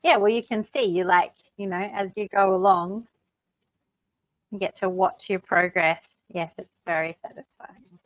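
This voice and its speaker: A woman's voice: mid-range voice, fairly even intonation, normal speed, dry recording, dull audio. An Australian woman co-hosting a livestream, chatting casually and patiently explaining things with plenty of fillers. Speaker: livestream co-host. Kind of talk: casual chat.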